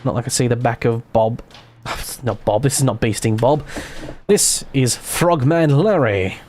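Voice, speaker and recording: A man's voice: mid-range voice, a little slow, darkish tone, a little hiss or hum. A man streaming a video game, thinking aloud in casual, self-mocking commentary.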